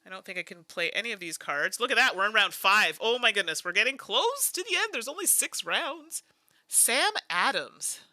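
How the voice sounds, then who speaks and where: Canadian lady playing a board game solo, bright lively voice, thinks out loud, dry close sound. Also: mid-range voice, moderate pace, dry recording. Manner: thinks aloud while playing, chatty asides to viewers. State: tired. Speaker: host.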